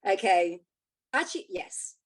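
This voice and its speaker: A woman poet speaking over a video call, introducing her poems in a halting way before reading each one in a measured, deliberate voice. Her pitch sits in the middle range. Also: expressive. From Wales. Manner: hesitant intros with many fillers, measured recitation. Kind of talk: poetry reading.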